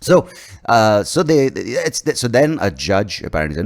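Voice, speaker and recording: A man rambles through a comic podcast monologue, swearing freely and poking fun at himself. His low voice is gravelly and rises and falls in lively swings. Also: moderate pace. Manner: profane, rambling, self-mocking. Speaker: podcast host. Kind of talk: comedic monologue.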